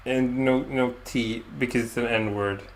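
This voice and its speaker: A man's voice: medium pitch, normal speed. A man with a Swedish accent and Swedish as his first language, patiently explaining words in a casual chat. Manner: relaxed, patient, hesitant with fillers.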